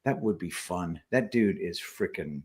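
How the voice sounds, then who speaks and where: A man co-hosting a casual livestream, reading viewer messages aloud and adding quick remarks. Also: deep voice. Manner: reads super chats aloud with quick asides. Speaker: co-host reading donor messages.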